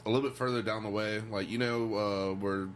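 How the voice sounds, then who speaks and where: Male co-host, low-pitched, easygoing, ums and uhs, faint room ambience behind him. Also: steady tone, brisk, slight background noise. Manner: laid-back storytelling, swears, hesitant fillers. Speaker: podcast co-host. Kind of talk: casual podcast chat.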